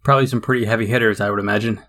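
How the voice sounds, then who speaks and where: A man's voice: fairly low pitch, fairly even intonation, very fast, a bit bright. A man hosting a podcast, trading playful, teasing banter with his guest. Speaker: podcast host. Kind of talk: podcast chat.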